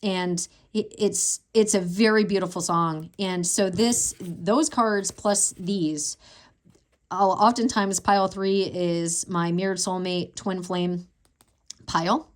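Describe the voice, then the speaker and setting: A woman's voice: on the low side, fairly even intonation, takes it slowly. A woman giving a casual tarot reading, thinking aloud in a meandering, emotional way and drifting down to a whisper when she reads to herself. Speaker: tarot reader.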